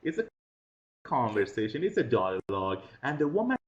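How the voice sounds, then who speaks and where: Guy teaching english online, says things twice slow, kinda muffled lo-fi mic. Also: mid-range voice, very animated, slight background noise. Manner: patient, repeats questions and instructions slowly. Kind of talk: online class instruction. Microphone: computer mic on a video call. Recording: dull lo-fi video call audio.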